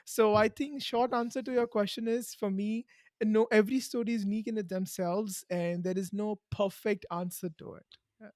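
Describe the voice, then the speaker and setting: A woman's voice: medium pitch, steady tone, normal speed, darkish tone, no echo, studio quality. A young woman podcast host with an Indian accent, answering a guest's question in an earnest, encouraging way and repeating key lines for emphasis. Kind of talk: conversational interview answer.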